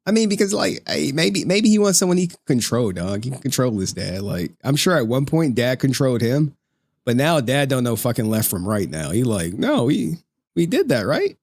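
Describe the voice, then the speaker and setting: A man's voice: medium pitch, big pitch swings, a little fast, darkish tone, no room sound, studio quality. A man giving mocking live-stream commentary, laughing often and swearing as he taunts his target. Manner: calls people "dog".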